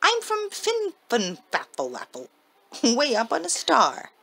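A woman voicing a tiny shy male pixie in a storybook reading, with a high, drawn-out squeaky voice. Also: huge pitch swings, creaky, pushed and bright, breathy edge, exaggerated voice. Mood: excited.

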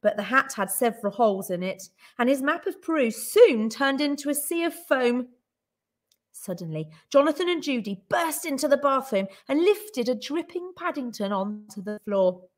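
Expressive woman reading a children's story. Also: high voice, normal speed. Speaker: teacher.

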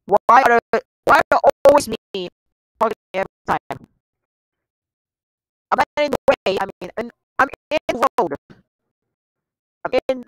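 A woman giving casual gameplay commentary, excitable, yelping and exclaiming at the game with lots of slang. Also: medium pitch, a little hiss or hum, low-quality recording. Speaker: gameplay streamer.

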